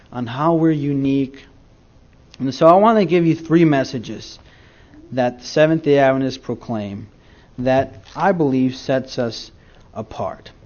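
Folksy storytelling male pastor, slightly high voice. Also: darkish tone. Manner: folksy storytelling, addresses congregation directly. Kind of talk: sermon. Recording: dull lo-fi recording.

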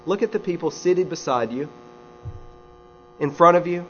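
A man's voice: a little high, animated, normal speed. Folksy male preacher telling stories. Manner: folksy storyteller with conversational asides. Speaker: pastor. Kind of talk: sermon with humorous stories. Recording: slightly dull recording with faint mains hum.

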